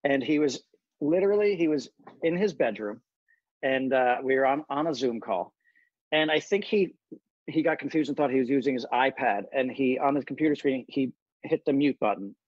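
A man, a comedian guest, telling animated stories in a casual video call chat. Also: mid-range voice, moderate pace, slightly rough, no room sound. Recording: dry, dull remote call audio.

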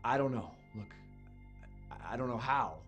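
An actor playing a shaken young husband in a horror game, halting and stammering. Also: male voice, mid-range voice, lively intonation, a bit bright, close to an everyday voice. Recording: game dialogue over music.

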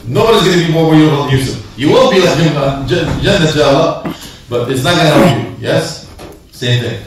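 A man giving a lively Ramadan sermon, asking the congregation questions and acting out people's excuses. He says he is losing his voice. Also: a little high, noisy background. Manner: asks the crowd questions and acts out excuses in quick back-and-forth. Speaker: imam giving a talk. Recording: echoey hall, mic from a distance.

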